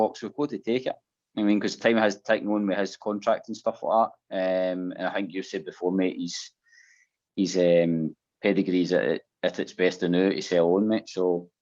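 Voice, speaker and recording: Low-voiced Scottish man, rambling chat. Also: darkish tone. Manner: rambling, many restarts, says mate and aye a lot. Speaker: co-host of a fan phone-in show. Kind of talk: casual chat. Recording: muffled lo-fi audio.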